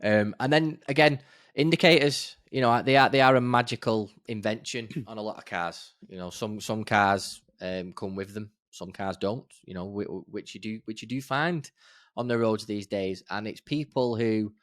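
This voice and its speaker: An easygoing man with a fairly low voice chats on a podcast. He talks emphatically and slips into sarcastic outbursts, recorded dry and close. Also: moderate pace, a bit bright, dry recording. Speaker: podcast co-host. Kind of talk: casual chat.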